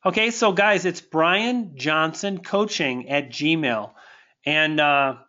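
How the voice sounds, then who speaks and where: A man coaching online marketing, hosting a live webinar and warmly answering viewers, thankful and stumbling over restarts. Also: on the high side, slow, muffled recording.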